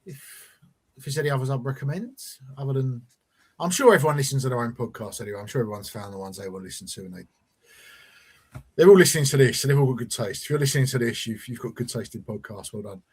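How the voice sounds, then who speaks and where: A man's voice: mid-range voice, quick pace, slightly rough. A man hosting a casual football fan podcast, rambling and teasing his co-host.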